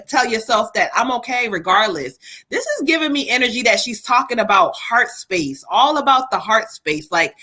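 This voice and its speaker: A woman reads tarot live, in an animated, folksy way. Her voice sits a little high and sounds bright and forceful. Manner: animated, folksy, channels spirit messages. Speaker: psychic reader.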